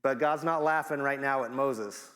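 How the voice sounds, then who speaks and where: A man delivers a sermon in a relaxed, conversational way, slipping into playful acted-out voices. His voice sits at a middling pitch, and a long reverb from a large hall trails behind each phrase. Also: normal speed. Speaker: guest preacher. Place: church sanctuary.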